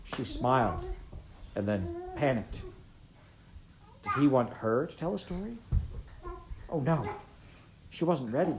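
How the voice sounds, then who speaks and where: A woman narrating a storybook in an expressive, measured way. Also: very deep voice, background noise. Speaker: audiobook reader.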